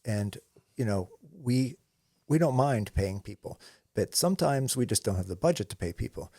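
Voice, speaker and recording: A man's voice: medium pitch, lively intonation, moderate pace, creaky, dark tone, no room sound, studio quality. A man in a casual talk about his photography trade, telling stories in a rambling way, full of restarts and asides. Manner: rambling storyteller with many "you know"s and restarts. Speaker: commercial photographer, co-host. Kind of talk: casual conversation.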